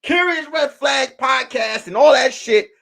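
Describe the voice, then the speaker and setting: A man hosting as a comedian, ranting in a casual, profane, animated way and circling back to repeat his points. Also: extremely high pitch, unhurried. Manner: animated, profane, repetitive storytelling. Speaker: comedian host. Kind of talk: casual live-stream rant.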